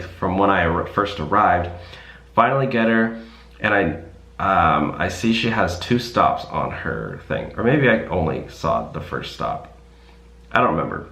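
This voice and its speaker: A man's voice: on the low side, a bit bright, reverberant. A man, a rideshare driver, casually telling a rambling story to camera with many fillers and restarts.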